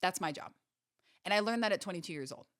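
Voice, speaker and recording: A woman's voice: lowish voice, animated, fast talker, no echo, clean studio sound. A woman hosting a podcast, telling a personal story in an earnest, emphatic way and repeating phrases for stress. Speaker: podcast host.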